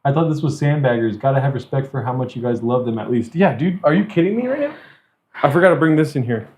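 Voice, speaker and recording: Lively-voiced joking man. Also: mid-range voice, quick pace. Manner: rowdy, joking, swearing, laughs often. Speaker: podcast host. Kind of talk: casual chat.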